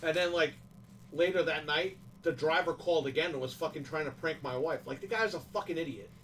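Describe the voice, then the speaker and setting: A man rants in casual livestream chat, swearing freely and hammering his complaints home. His voice sits somewhat high. He sounds a little set back from the microphone. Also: a little fast, fairly bright tone, recorded from a distance, a little hiss or hum, rough recording. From New York, USA. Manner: profane, ranting, emphatic complaints. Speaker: livestream host.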